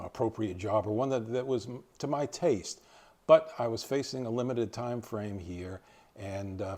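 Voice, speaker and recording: A man's voice: fairly low pitch, a little mellow. An older man from East Tennessee giving an informal library talk, rambling and hesitant with many fillers and restarts. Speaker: library lecturer.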